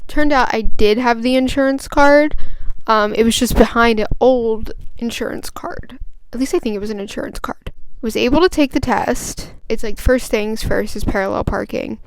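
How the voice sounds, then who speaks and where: A woman's voice: fairly high pitch, normal speed, clean tone. A young woman vlogger telling a story and ranting in a chatty, rambling way with lots of fillers. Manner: grows agitated and emphatic. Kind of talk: casual storytime rant.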